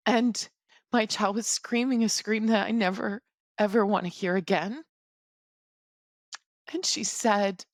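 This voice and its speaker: A middle-aged woman telling a personal story as a podcast guest, in an earnest, halting, reflective way. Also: medium pitch, dry recording, studio quality.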